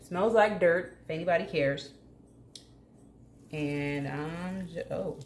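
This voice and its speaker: A woman's voice: lowish voice, slow pace, darkish tone. A woman hosting a casual home plant-care vlog, chatty and jokey, talking to her plants as she works. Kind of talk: casual hands-on vlog chat. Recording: echoey room with faint hum.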